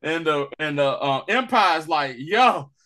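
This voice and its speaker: Bright, animated man recapping a show. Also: fairly high pitch. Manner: animated, acts out scenes in quick voices, laughs often. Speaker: podcast co-host. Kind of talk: casual recap chat.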